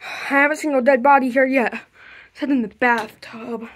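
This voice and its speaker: A man's voice: extremely high pitch, steady tone, normal speed, a bit bright. A man voicing a bumbling police officer in a puppet fan video, hesitant and full of ums.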